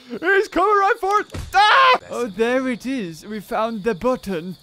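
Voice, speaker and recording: A man giving excited gameplay commentary, yelping, shouting and laughing at the game as he plays at home. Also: very high voice, slow pace, very noisy. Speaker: gaming video creator. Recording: game music playing behind the voice.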